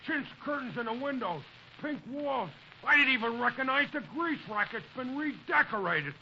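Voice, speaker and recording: A flustered, stammering mechanic. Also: male voice, very high voice, expressive, normal speed. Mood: frantic. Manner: stammering, blustering. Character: excitable, flustered young male mechanic. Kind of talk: 1940s radio acting. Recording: dull old radio broadcast with faint hiss.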